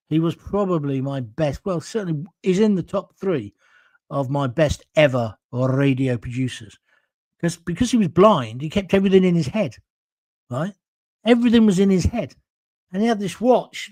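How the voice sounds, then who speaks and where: A middle-aged man with a fairly high voice talks with blunt, combative conviction. He mocks his critics as he reads out comments. The sound is close and dry, with no room echo. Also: darkish tone. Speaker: host of his own online show. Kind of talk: opinionated chat, reading viewer comments.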